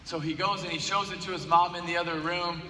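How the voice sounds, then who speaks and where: A man's voice: sits high, quick pace, slight background noise. A man giving a motivational speech, telling a story with lots of repetition for emphasis. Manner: animated storyteller, repeats phrases for emphasis. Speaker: speaker. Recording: echoey hall, from far off, faint ambience.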